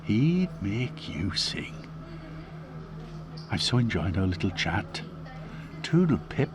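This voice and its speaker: A man voicing a pompous, menacing upper-class English gentleman with a plummy, sneering voice, dropping into hissing whispers. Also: fairly low pitch, sing-song, takes it slowly, music in the background, voice pushed down, heavily acted. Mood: threatening. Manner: swings from bluster to hissing whispers.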